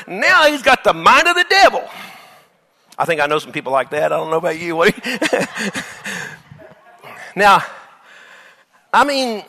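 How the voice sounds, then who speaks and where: A man preaching from the pulpit, his voice pitched high and swinging widely up and down. The tone is bright and bold, and he acts out the Bible's dialogue with a chuckle here and there. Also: very animated, unhurried, pauses often. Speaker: pastor. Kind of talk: sermon.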